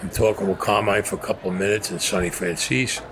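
A man's voice: fairly low pitch, fairly even intonation, quick pace, a bit bright, faint music behind. An older man, telling a story in a blunt, profane, streetwise way. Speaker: interviewee.

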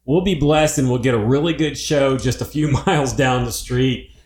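A man's voice: medium pitch, normal speed, darkish tone. A man hosting a podcast in an easygoing way, thanking a guest and reading out promos. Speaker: podcast host. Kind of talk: casual podcast interview. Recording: echoey room.

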